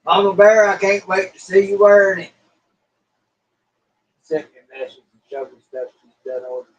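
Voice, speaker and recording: A man's voice: high-pitched, expressive, normal speed. A man co-hosting a livestream, relaying viewer messages in casual chat. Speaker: co-host reading viewer messages. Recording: muffled lo-fi sound.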